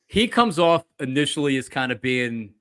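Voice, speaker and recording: A man's voice: medium pitch, normal speed, clear, resonant tone, no room sound. A man hosting a casual sports chat, telling stories animatedly and acting out quotes with lots of fillers. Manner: animated storytelling, acts out quotes, frequent fillers. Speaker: podcast host, former sports radio host.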